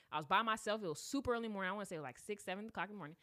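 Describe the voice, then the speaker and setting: Hosting a podcast, a woman tells a story in a casual, slangy, animated way, acting out voices as she goes. Her mid-range voice moves very fast with few pauses.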